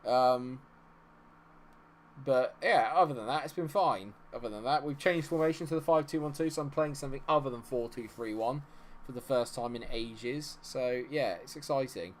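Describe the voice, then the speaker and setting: A man giving live commentary on a football management game, chatting with viewers and reacting loudly to the match. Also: mid-range voice, normal speed, slight background noise. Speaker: streamer.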